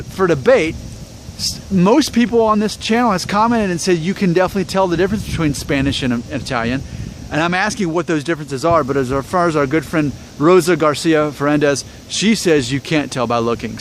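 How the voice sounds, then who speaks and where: A man's voice: fairly high pitch, a little hiss or hum. A man from Alabama talking to camera in a rambling, self-deprecating way, full of fillers and restarts. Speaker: YouTube vlogger. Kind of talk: casual talk to camera.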